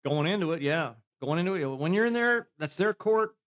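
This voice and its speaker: A man co-hosting a casual podcast chat, animated, laughing often and restarting his sentences. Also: fairly high pitch, brisk. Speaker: podcast co-host.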